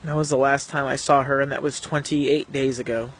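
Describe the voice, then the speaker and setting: A man telling a painful personal story to the camera in an earnest, emotional, halting way. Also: mid-range voice, little pitch movement, slightly rough. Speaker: vlogger.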